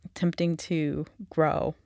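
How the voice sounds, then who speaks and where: A woman hosting a podcast, speaking in a slow, measured and thoughtful way. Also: deep voice, little pitch movement, gravelly, mellow, no echo. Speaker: podcast host. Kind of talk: reflective interview conversation.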